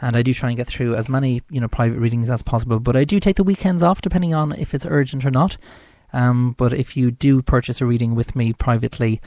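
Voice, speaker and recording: A man's voice: mid-range voice, fairly even intonation, fast, few pauses, darkish tone, no echo. A man with an Irish accent hosting his own psychic show, chatting in a rambling way with lots of fillers. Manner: chatty, rambling, many "you know" fillers. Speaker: psychic radio show host. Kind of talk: casual solo show chat.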